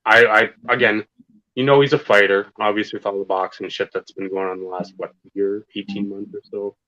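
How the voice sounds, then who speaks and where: A low-voiced man talks loosely on a podcast, swearing freely and hammering his points home. The recording is dull and lo-fi. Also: steady tone, a little fast, pushed and bright, no room sound. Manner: profane, rambling, emphatic wrestling fan talk. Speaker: podcast co-host. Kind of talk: casual podcast chat. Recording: dull lo-fi sound.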